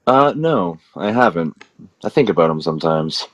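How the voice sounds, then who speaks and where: A man's voice: sits low, very animated, normal speed, slight background noise. A man, a wrestler guest, telling long rambling stories full of "like" in a casual interview. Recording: slightly muffled dry audio.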